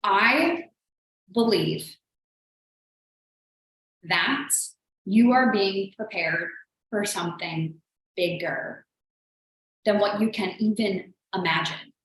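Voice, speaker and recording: A woman's voice: mid-range voice, slow, long pauses, fairly bright tone. Earnest woman coach in an echoey room. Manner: chatty and earnest, heavy use of "like". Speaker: business coach hosting a live show. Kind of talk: motivational live-stream talk.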